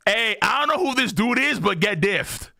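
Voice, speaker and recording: A man live-streaming his reaction to viewers, excitable and loud, with frequent outbursts and swearing. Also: high-pitched, normal speed, creaky. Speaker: streamer reacting to a manga chapter.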